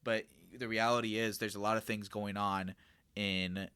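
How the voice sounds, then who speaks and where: Young dude on a podcast, low voice, earnest and rambly, keeps correcting himself, dry sound. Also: male voice, flat delivery, moderate pace, sharp tone, smooth, no room sound. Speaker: podcast host and youth discipler. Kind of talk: casual Q&A podcast talk.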